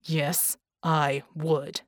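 A wounded young man who speaks low, soft and firm, as a woman reading an audiobook puts him on. The sound is dry and close, and the pace is slow and deliberate. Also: level tone, no echo. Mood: determined.

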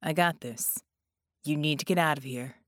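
A woman's voice: deep voice, moderate pace, no room sound, studio quality, voice pushed down, lightly acted. A woman voicing a protective male genie in an audiobook, talking in clipped, commanding orders.

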